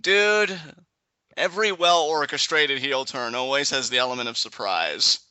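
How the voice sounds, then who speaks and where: A young man chatting excitedly in a live reaction, predicting what happens next and laughing often. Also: medium pitch, normal speed, clean tone, no room sound, dull audio. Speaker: guest co-commentator.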